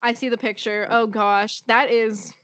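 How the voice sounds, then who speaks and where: A young woman co-hosting a podcast in casual chat, reacting with quick interjections and easy laughter. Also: on the high side, level tone, a bit bright, no room sound. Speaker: podcast co-host.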